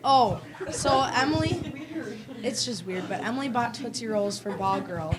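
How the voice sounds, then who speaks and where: A woman's voice: on the high side, expressive, moderate pace, low-quality recording. A young woman, a volleyball player, casually telling funny team anecdotes and laughing through them. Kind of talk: casual storytelling on a panel. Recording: loud crowd chatter behind.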